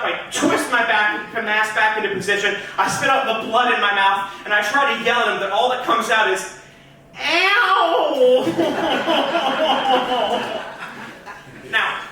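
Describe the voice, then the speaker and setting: A man's voice: high-pitched, normal speed, bright, forceful tone. A man doing stand-up comedy on a club stage, telling a story in a theatrical, punchy way and talking straight to the crowd. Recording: echoey club room, mic at a distance.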